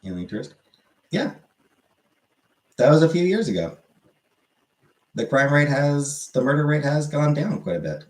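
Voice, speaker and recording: A man's voice: fairly high pitch, very animated, measured pace, pauses often. A man hosting a livestream, chatting casually with his viewers and often correcting himself mid-sentence as he rambles. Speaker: livestream host answering chat. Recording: roomy echoey room.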